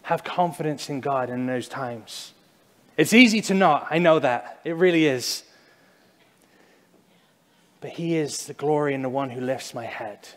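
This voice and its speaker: A man preaching a sermon in a church, speaking conversationally, at times acting out loud cries and then dropping to a hushed, slow emphasis. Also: medium pitch. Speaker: pastor. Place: church sanctuary. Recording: long church reverb.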